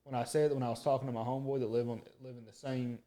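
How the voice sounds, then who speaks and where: A podcast co-host tells a story in rapid, streetwise, profane chat. His voice sits at an ordinary middle pitch. He slips into the voices of the people in the story as he goes. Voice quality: profane, animated storyteller who acts out quotes.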